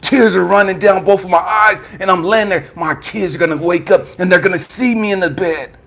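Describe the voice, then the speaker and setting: A man, a spiritual coach, telling an impassioned testimony, swinging from hushed tones to shouting. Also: sits high, brisk, gravelly.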